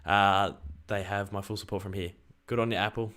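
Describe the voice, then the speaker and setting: A young Australian man chatting excitedly on a live stream and reading out viewer messages. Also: fairly low pitch, brisk. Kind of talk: casual live stream chat.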